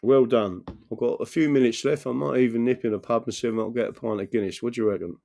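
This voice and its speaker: A man's voice: mid-range voice, fairly even intonation, fast, creaky, warm tone. A man hosting a live political stream, rambling earnestly, often asking "right?" and reading out viewer messages. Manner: reads out and answers viewer messages. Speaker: political livestream host.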